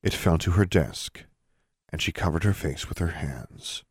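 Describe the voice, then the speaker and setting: A man narrates an audiobook with steady, even storytelling. His voice is very deep. The sound is bone dry, with no room around it. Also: a little slow, husky, no echo. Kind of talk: scripted narration.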